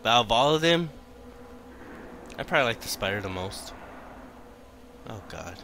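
A man's voice: fairly low pitch, big pitch swings, moderate pace, bright, forceful tone, a little hiss or hum. A man hosting a gaming channel, giving horror game commentary full of swearing and panicky outbursts. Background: game music.

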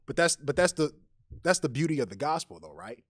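A man's voice: a little high, sing-song, brisk, dry recording, clean studio sound. A man co-hosting a podcast, telling a story animatedly with lots of restarts. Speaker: podcast co-host. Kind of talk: casual podcast chat and storytelling.

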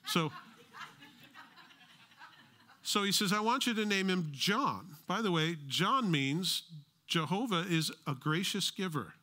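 A man's voice: high voice, lively intonation, measured pace, pushed and bright. A middle-aged American man preaching a sermon as pastor, conversational with joking asides.

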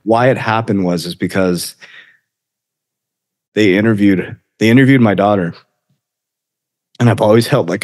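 A man in his forties, a podcast guest, telling his life story in an earnest, halting way. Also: medium pitch, expressive, darkish tone. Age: 40s. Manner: earnest, halting, often laughing while recounting. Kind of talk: emotional personal storytelling.

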